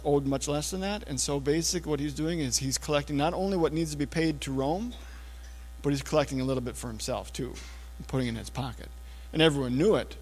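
A man preaching a conversational sermon, checking in with listeners with little asides and often dropping to a low, hushed voice for emphasis. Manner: casual, talks to listeners with frequent checks like "okay?" and "all right?". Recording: long reverb of a large hall.

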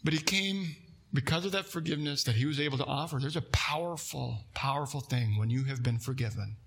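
A man preaching a sermon, telling a personal story with lively swings between loud emphasis and hushed, quiet moments. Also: medium pitch, fairly quick, gravelly, breathy edge. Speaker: pastor.

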